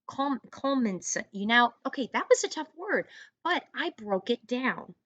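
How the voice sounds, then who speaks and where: A woman teaching an online first grade reading lesson, encouraging young children and sounding out words slowly. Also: fairly high pitch, very animated, a bit bright, no room sound, dull audio.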